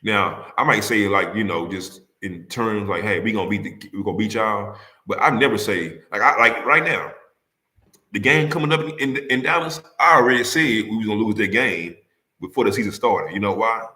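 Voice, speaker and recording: A man's voice: lowish voice, moderate pace, sharp tone, echoey room. A man hosting a casual sports talk livestream, arguing heatedly with rival fans, repeating himself and firing rhetorical questions at the audience.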